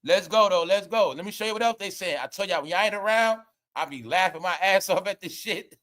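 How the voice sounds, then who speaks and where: A young man hosting a live gossip commentary stream, loud and laughing, often calling out to viewers. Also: high-pitched, a little fast. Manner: loud, laughing, repetitive, addresses viewers as y'all. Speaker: commentary host.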